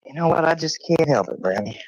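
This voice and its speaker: A man streaming from home, telling an animated story casually and swearing freely, and cooing at his dog. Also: fast talker, dry recording, muffled recording. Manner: animated, swearing, high-pitched when imitating animals; coos at his dog in a high sing-song.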